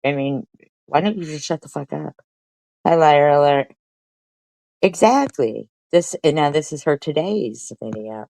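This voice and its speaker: A woman's voice: low voice, expressive, measured pace, vocal fry, mellow, dry recording, low-quality recording. A middle-aged woman streamer, profane and mocking, talking back at a clip she is playing. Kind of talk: heated commentary over played clips.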